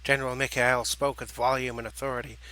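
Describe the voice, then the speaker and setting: Bright-voiced male audiobook narrator. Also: mid-range voice, flat delivery, poor audio. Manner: measured, dramatic reading.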